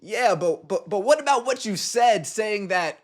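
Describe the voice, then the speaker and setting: A man's voice: high-pitched, lively intonation, measured pace. A man hosting a podcast, giving scornful, sarcastic sports commentary and mocking what others said. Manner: sarcastic and scornful, mocking quotes in put-on voices. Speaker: podcast host.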